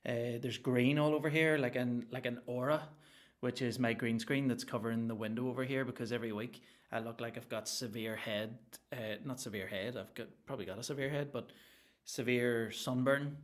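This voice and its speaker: A man's voice: medium pitch, steady tone, brisk. A man hosting a solo comedy podcast at home, rambling and joking with lots of swearing. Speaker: podcast host. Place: home room with green screen.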